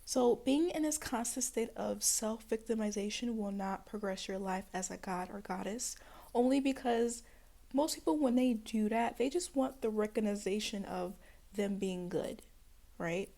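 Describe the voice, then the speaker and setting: Young woman vlogger with a high voice, sassy, blunt, playful self-help pep talk. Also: normal speed, creaky, dark tone. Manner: acts out other people's voices in jumps of pitch. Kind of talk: casual direct-to-camera pep talk.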